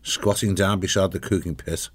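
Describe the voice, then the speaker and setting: A man narrating a children's animal story in a calm, even storytelling manner. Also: deep voice, normal speed, husky. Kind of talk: scripted narration.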